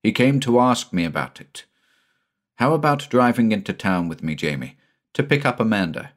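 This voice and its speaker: A man voicing a careful, frightened country doctor speaking gently to his son. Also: lowish voice, very animated, moderate pace.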